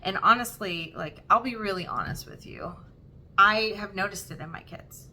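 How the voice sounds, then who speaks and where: A young woman hosting a stitching vlog, talking in an earnest, halting and emotional way. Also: mid-range voice, sharp tone, a little hiss or hum. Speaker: Flosstube host. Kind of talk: heartfelt personal vlog talk.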